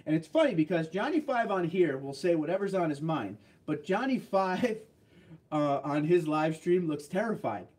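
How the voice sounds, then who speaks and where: A man's voice: a little high, sing-song, normal speed, darkish tone. A man from New Jersey hosting a casual livestream, chatting and joking as he reads and answers viewer comments. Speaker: livestream host.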